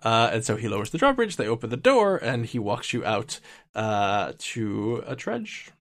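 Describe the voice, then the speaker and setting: A man as game master, narrating a tabletop game in a relaxed, halting way. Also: medium pitch.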